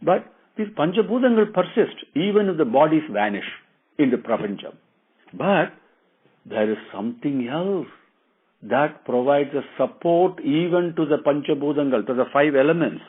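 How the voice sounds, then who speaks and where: A man telling a devotional story earnestly, often pausing with fillers and asides. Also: fairly high pitch, lively intonation, breathy edge. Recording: tinny phone-like sound.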